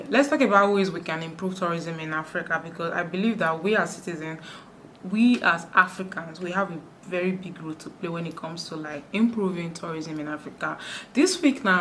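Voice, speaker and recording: Fast-talking woman vlogger from Nigeria. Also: fairly low pitch, a little hiss or hum. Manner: talks fast, many restarts. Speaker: YouTuber. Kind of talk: sit-down vlog talk to camera. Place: indoors, sit-down video.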